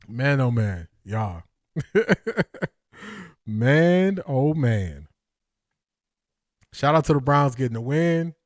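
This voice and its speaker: Excitable, breathless male stream host, mid-pitched voice, dry close sound. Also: slow, pauses often, no echo. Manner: excitable, laughing, addresses viewers as y'all. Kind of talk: live watch-party commentary.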